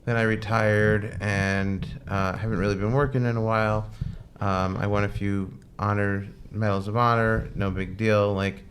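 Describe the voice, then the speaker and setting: A man's voice: on the low side, little pitch movement, moderate pace, a little hiss or hum, lightly acted. A man doing a boastful retired talking dog. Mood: smug. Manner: laid-back, falsely modest.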